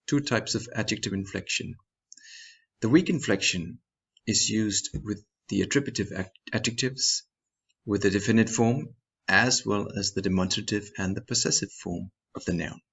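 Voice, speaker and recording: A man teaching a language grammar lesson in a measured, scripted way, reading example sentences and their translations. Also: on the low side, creaky, fairly bright tone, breathy edge, lo-fi sound. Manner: measured, reads example sentences in Danish then English.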